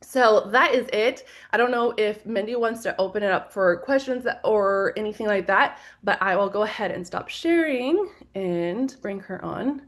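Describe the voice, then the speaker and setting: A woman's voice: mid-range voice, moderate pace. Chatty woman teaching social media. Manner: casual and chatty, lots of "like". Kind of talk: online training presentation. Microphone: video call.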